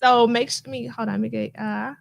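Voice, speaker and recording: Woman host, Midwestern accent, high-set chatty voice, casual storytelling over a video call. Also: brisk, creaky. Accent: Midwestern American. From Midwest US (Cincinnati). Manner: chatty, storytelling, animated asides. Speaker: livestream host. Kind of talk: casual livestream chat.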